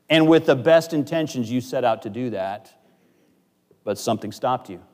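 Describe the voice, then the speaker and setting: Male pastor, sermon delivery, mid-pitched voice, loud emphases and quiet asides, hall echo. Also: lively intonation, moderate pace. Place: church sanctuary. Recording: long church hall reverb.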